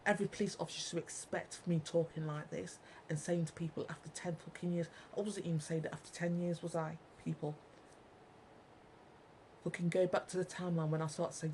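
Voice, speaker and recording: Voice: mid-range voice, flat delivery, a little fast, darkish tone, slight background noise, low-quality recording. A speaker in an angry monologue to viewers, ranting, repeating and swearing heavily. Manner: ranting, heavily profane, repetitive. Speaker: vlogger.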